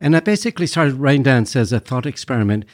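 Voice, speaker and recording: A man's voice: mid-range voice, animated, fast, no echo, clean studio sound. A Canadian man with a wry, self-deprecating manner, a guest chatting casually about his work in an interview. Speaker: guest, film festival founder.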